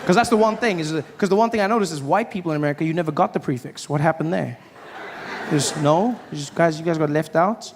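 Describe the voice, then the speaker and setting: Stand-up comedian with a South African accent, high-pitched and animated, live stage mic with audible audience noise. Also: male voice, quick pace. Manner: animated, acts out characters with shouting voices.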